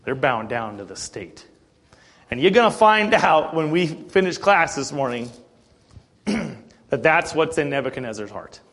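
A man with a slightly higher voice leads a morning Bible class in an easy, conversational way. He clears his throat often and checks in with his listeners, asking "okay?" and "right?". When he reads scripture, he slows down to lean on the key words. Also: sing-song, fairly bright tone. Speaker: Bible study teacher.

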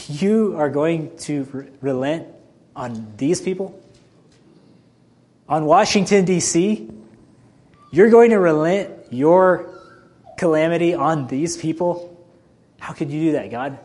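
A man's voice: mid-range voice, quick pace, hardly any pauses, warm tone, natural voice. A man voicing an adult male prophet who protests in exasperated, indignant questions.

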